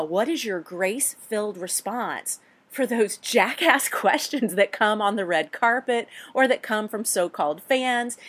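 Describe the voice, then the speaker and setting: Blunt, animated woman host. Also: medium pitch. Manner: blunt, animated, sprinkled with mild swearing. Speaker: casting coach. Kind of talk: advice talk.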